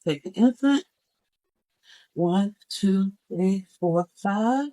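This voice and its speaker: A woman's voice: medium pitch, lively intonation, very slow, warm tone, low-quality recording. A woman teaching CPR, giving step-by-step instructions and counting the moves aloud as she demonstrates. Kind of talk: hands-on first aid demonstration.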